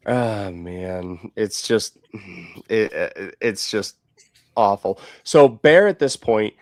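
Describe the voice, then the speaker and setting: A man's voice: lowish voice, animated, extremely slow, pauses often, no echo, studio quality. A man co-hosting a podcast, casually recapping a movie in rambling chat full of fillers. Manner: rambling, lots of fillers and acted quotes. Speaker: podcast co-host.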